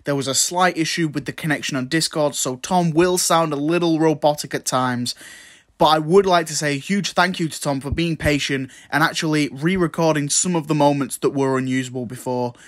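A young male podcast host with a fairly high voice chats in a bubbly, giggly manner. He trips over and restarts his sentences. The sound is close and dry, with no room echo. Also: fairly quick, fairly bright tone. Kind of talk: casual podcast hosting.

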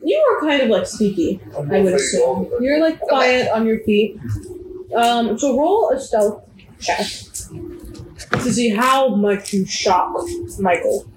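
A woman running a tabletop game as game master, narrating to a player in lively second person. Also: fairly high pitch, takes it slowly, a crowd in the background. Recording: roomy echoey room.

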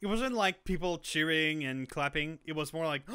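Young man, casual podcast chat, bright voice, slightly high, excitable, filler-heavy. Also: normal speed, clear, resonant tone. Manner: excitable, rambling, many fillers. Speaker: podcast co-host.

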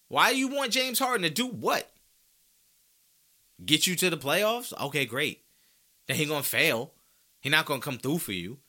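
A man hosting a sports podcast in a very bright, sharp voice, ranting in a casual, slangy way. His pitch swings widely as he fires off rhetorical questions. He argues with strong, confident opinions. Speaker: podcast host.

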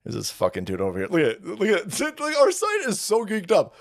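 A foul-mouthed man rants on his livestream, crude and mocking. His pitch leaps high for sarcastic impressions, then drops to low grumbles. He sits a little above the usual male range. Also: huge pitch swings, fairly quick. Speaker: livestream host. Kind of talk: profane political rant.

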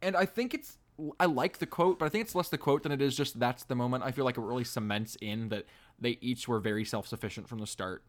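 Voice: mid-range voice, quick pace. A co-host in a casual podcast chat about a movie, enthusiastic and laughing often.

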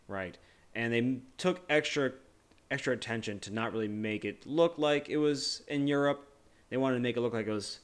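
A man co-hosting a casual movie discussion podcast, rambling and joking loosely with many restarts. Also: mid-range voice. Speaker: podcast co-host.

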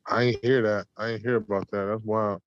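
A man's voice: on the low side, little pitch movement, brisk, dry recording. A laid-back man talking casually and swearing freely, as a podcast co-host. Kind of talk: casual chat. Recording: dull lo-fi sound.

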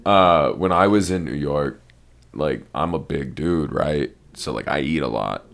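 A man's voice: extremely low pitch, unhurried, creaky, a bit bright. A man hosting a podcast, talking casually in a loose, rambling way with lots of swearing. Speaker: podcast host. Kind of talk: casual chat.

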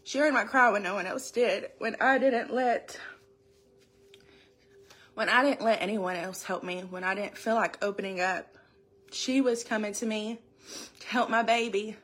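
A young woman giving an earnest, emotional church testimony, tearful and halting as she speaks. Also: medium pitch, steady tone, a bit bright.

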